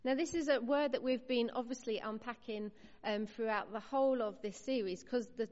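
A woman's voice: a little high, darkish tone. Earnest woman preaching in a hall. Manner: earnest, measured and encouraging, with pauses between phrases. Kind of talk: sermon. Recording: muffled sound in a reverberant hall.

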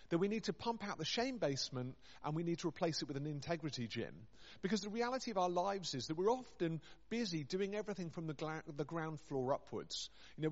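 A vicar preaching in a fairly high voice, spinning a humorous anecdote with self-deprecating asides. The sound is a little dull, and his voice rings out with a long reverb through a large church. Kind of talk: storytelling sermon.

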